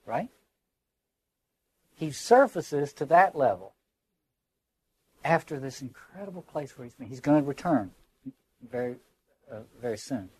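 A man's voice: mid-range voice, big pitch swings, a little slow, pauses often, a little mellow, slightly rough. A man lecturing on literature, reflective, often restarting words as he searches for phrasing and reading quoted lines aloud with emphasis.

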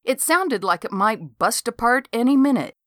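A woman's voice: fairly high pitch, lively intonation, moderate pace, a bit bright, dry recording. A woman narrating a folksy first-person story in a wry storytelling manner, scripted audiobook reading.

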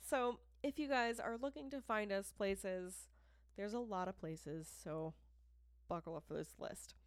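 A woman's voice: a little high, slow, long pauses. A woman from Massachusetts with a Boston accent, co-hosting a podcast in casual chat, chatty and laughing easily, earnest when the talk turns serious. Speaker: podcast co-host.

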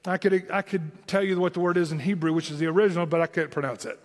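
A man's voice: high voice, fairly even intonation, fast, big-room sound. A man with a Southern Tennessee accent preaching a sermon as pastor, with emphatic rising lines.

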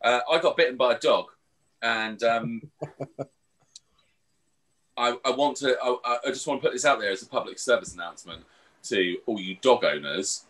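A man co-hosting a podcast, telling stories in a sweary, animated casual chat. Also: medium pitch, normal speed, long pauses. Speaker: podcast co-host.

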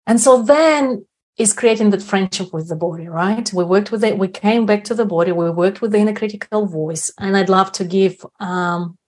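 A woman's voice: mid-range voice, normal speed, darkish tone. Woman, podcast guest, reflective, explanatory, tag questions. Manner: reflective, often adds 'right?' tag questions. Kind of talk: explaining a self-help practice.

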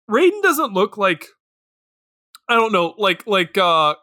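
A man co-hosting a podcast in casual comedic movie chat, animated and laughing often, full of filler words. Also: high voice, slow pace, long pauses, no room sound, studio quality. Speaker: podcast co-host.

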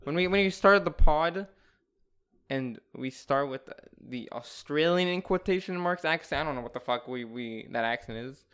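Wry young man, smooth clear voice. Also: a little high, moderate pace, fairly bright tone. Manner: wry, joking, loose with fillers. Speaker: podcast co-host. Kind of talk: casual podcast chat.

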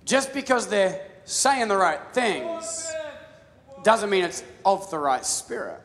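Stammering pastor in a big hall. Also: male voice, high voice, very animated, slow pace, crowd noise. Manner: casual storytelling with many restarts and stammered repeats. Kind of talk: sermon. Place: large church hall. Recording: live sermon with long hall reverb.

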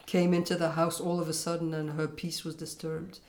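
A woman co-hosting a podcast, speaking calmly and agreeably in casual conversation. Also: low voice, fairly quick. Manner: calm, agreeable, short replies. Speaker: podcast co-host. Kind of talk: casual chat.

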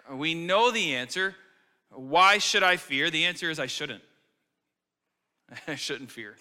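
A man's voice: a little high, bright, forceful tone, big-room sound. A man preaching a sermon to a congregation in a casual, conversational way, asking many questions. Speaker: pastor.

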